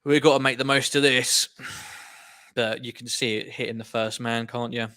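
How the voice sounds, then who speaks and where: A man's voice: mid-range voice, moderate pace, clean tone. A young man hosting a live football watchalong, giving exasperated fan reactions as the match plays out. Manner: animated, exasperated fan commentary.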